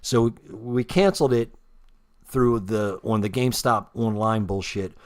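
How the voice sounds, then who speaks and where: A man with a lowish voice tells his story in a loose, casual ramble, swearing freely and poking fun at himself. He talks while showing off a figure he painted himself. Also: a little slow. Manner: rambling, heavy swearing, self-deprecating. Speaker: custom action figure painter.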